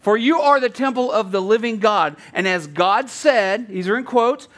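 A man with an unusually high-pitched voice delivers a sermon as a pastor. He preaches in a loose, chatty way, breaking off into asides and restarting his sentences. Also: animated, normal speed, hardly any pauses, fairly bright tone.

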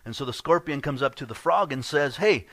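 A man's voice: medium pitch, fairly quick, a bit bright, no room sound. A man preaching a sermon as pastor, earnest and conversational, often restarting his words.

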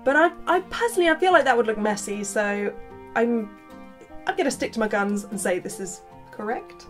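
A woman chatting casually through a sewing vlog, playful and quick to poke fun at herself. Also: on the high side, animated, faint music behind. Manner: chatty, playful, self-mocking asides. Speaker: costume maker.

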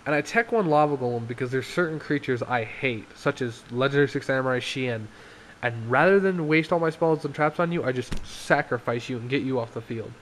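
A young man talking casually through his card game deck, excitable, laughing often and acting out his opponents. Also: medium pitch, a little fast, a little hiss or hum.

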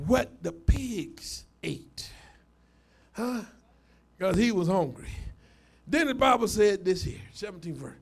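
A man preaching a live sermon as a pastor, shouting, laughing and swinging between loud and soft. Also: sits high, expressive, measured pace, creaky, pauses often. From United States.

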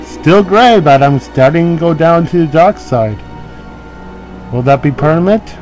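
A man's voice: a little high, animated, measured pace, a little mellow, faint music behind, poor audio. Playful man joking over gameplay. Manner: joking, playful, laughs at himself. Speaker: let's play host. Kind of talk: casual gameplay commentary.

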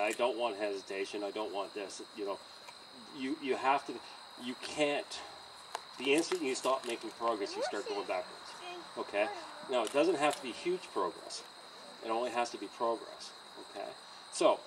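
A man training a horse outdoors by a trailer, coaching a student in an encouraging, animated way and often laughing. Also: medium pitch, normal speed. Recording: distant outdoor mic with insect noise.

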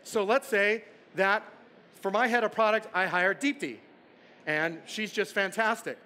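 A man with a bright, high voice gives a storytelling keynote from a conference stage. He is playful and keeps checking in with the audience through rhetorical questions. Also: measured pace. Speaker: conference speaker.

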